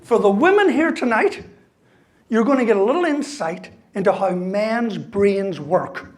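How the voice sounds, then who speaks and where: A man's voice: high-pitched, lively intonation, measured pace. Man, fifties, comic motivational speaker, anecdotes with a "right?" after every beat. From Ireland. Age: 50s. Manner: storytelling, punchy jokes, keeps tagging "right?". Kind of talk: humorous keynote speech.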